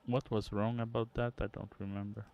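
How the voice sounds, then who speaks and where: Low, gravelly man muttering while he works. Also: level tone, muffled recording. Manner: quiet, muttering to himself, halting phrasing. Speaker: game developer streamer. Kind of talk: casual livestream commentary while coding and gaming.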